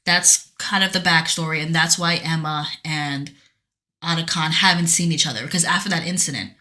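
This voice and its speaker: A woman with a bright, crisp voice talks through a game's plot as a podcast co-host. She rambles earnestly, stopping and restarting her sentences often. It is relaxed, casual chat. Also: low voice, moderate pace. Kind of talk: casual chat recapping a video game story.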